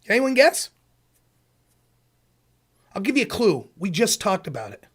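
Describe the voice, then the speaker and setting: A man's voice: high-pitched, sing-song, unhurried, slightly rough. A man streaming political commentary, heated and sarcastic, putting questions to his audience. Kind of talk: casual ranting commentary.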